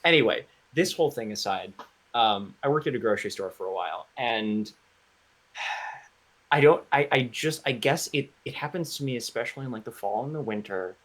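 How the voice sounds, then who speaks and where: A man's voice: medium pitch, normal speed. Guy from florida rambling through a story on a podcast, lots of restarts. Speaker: podcast co-host. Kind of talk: casual chat.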